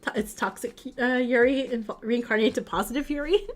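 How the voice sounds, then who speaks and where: Streamer lady reacting to a story game, high voice, laughs a lot, faint music. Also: fairly quick. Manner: chatty, laughing asides. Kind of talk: live game read-along with commentary.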